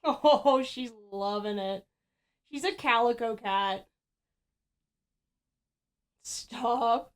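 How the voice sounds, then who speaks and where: A woman streaming a video game in casual chat, cooing over cute cats and lapsing into soft baby talk to her pet. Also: a little high, extremely slow, long pauses, no echo, clean studio sound. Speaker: livestreamer. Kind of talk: casual gameplay livestream chat.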